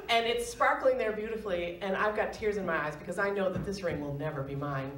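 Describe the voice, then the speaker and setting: Middle-aged woman doing live storytelling, animated, laughs a lot, sounds far off in an echoey room. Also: mid-range voice, fast, few pauses, heavy background noise. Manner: animated, laughs often, acts out quoted voices. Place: stage in an arts center. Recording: roomy, distant live stage recording.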